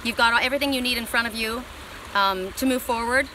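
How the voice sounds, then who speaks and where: A woman's voice: a little high, fairly quick, pushed and bright, slight background noise, low-quality recording. A middle-aged woman giving a spiritual oracle card reading, talking in a rambling, heartfelt and emotional way.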